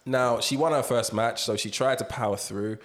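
A man's voice: medium pitch, steady tone, normal speed. A man hosting a podcast, chatting casually, swearing, and joking as he reads out statements. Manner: profane, joking, mock-reads quotes. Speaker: podcast host. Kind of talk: casual chat.

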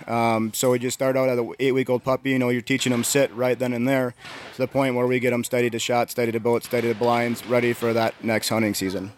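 A man who trains dogs, explaining training steps in a steady, matter-of-fact way with many ums. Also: mid-range voice, a little hiss or hum. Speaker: dog trainer. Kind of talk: casual explanation.

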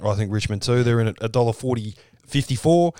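A man's voice: medium pitch, expressive, fast, darkish tone, clean tone, no echo, studio quality. An Australian man co-hosting a podcast, running through football tips in blunt, sweary, laid-back chat. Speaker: podcast co-host. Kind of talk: casual sports chat.

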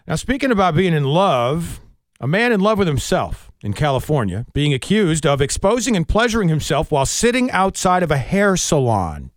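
Lively radio host reading sports news. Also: male voice, fairly high pitch, dry recording, clean studio sound. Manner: lively, quick newsreader delivery with chuckles. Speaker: radio morning show host. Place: radio studio. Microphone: studio microphone.

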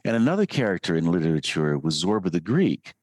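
A man in a conversation, telling stories in a slow, musing way with many restarts. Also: low-pitched, sing-song, a little mellow, dry recording, studio quality. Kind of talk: casual storytelling conversation.

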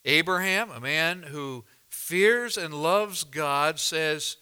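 A man preaching a sermon, reading scripture aloud and explaining it with deliberate, dramatic pauses. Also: a little high, bright, forceful tone, clean tone. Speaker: pastor.

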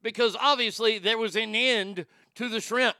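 Middle-aged man, gravelly, bright voice, profane rambling chat. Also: high voice, moderate pace, no room sound, clean studio sound. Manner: profane, folksy, rambling with restarts. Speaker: livestream host reading chat.

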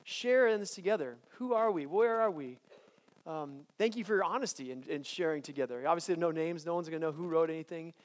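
A man's voice: a little high, fairly quick. A man giving a chapel sermon, talking conversationally with frequent restarts and then building to emphatic declarations. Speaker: chapel speaker.

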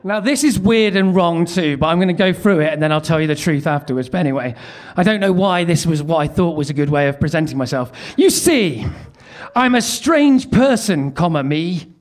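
Male stand-up, higher-pitched, dry self-deprecating delivery. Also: expressive, fairly quick. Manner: self-mocking, wry asides. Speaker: comedian. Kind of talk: stand-up reading his teenage love letter.

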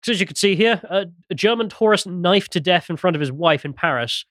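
A man's voice: high-pitched, animated, a little fast, a bit bright, no room sound, studio quality. A British man co-hosting a podcast, reading out news stories with mocking, sarcastic commentary. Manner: mocking, sarcastic, swings into jokey mimicry.

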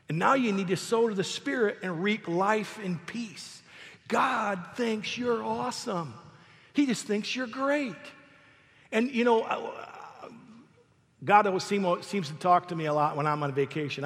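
In a church sanctuary, a middle-aged pastor whose voice is notably high gives an animated sermon. Loud emphasis on key phrases alternates with soft, chatty asides, all carried by the long echo of a big hall.

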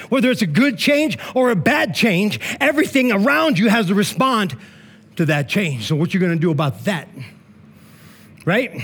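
A man with a notably high voice preaches a sermon to his congregation. His talk is casual and full of slang and stories, and he keeps checking in with "right?" and "man". He swings between loud, emphatic calls and hushed, slow passages. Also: expressive, husky. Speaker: pastor. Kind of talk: sermon with storytelling. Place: church meeting in a school building.

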